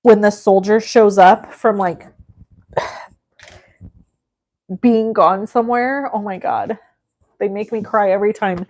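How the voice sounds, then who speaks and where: Middle-aged lady doing a live craft stream, super chatty and gushy with her viewers, normal mid pitch. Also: steady tone, takes it slowly, long pauses, darkish tone. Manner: gushing, effusive and chatty, talking to the chat. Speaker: crafting livestream host.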